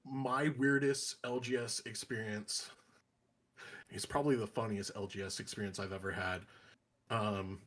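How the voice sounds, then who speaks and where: A man chatting casually on a gaming podcast, an animated storyteller who acts out other people's voices. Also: lowish voice. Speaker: podcast panelist.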